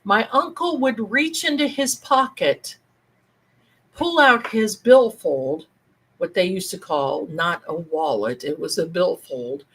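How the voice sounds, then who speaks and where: A middle-aged woman hosting a livestream, telling a family story in a chatty, animated way and acting out the relatives she quotes. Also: fairly high pitch, poor audio. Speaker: livestream host, tarot reader.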